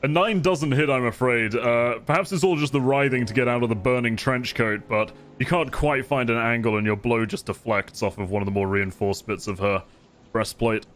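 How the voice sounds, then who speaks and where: A man's voice: medium pitch, normal speed, soft background music. Man narrating as game master. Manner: relaxed, chuckling narration.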